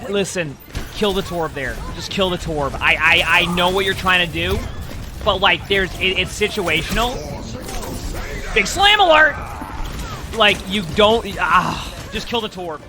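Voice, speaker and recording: A man's voice: sits high, normal speed, over music. A man giving casual commentary and coaching tips while he watches a player's match, chatty and repeating himself often. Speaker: streamer coaching a spectated player.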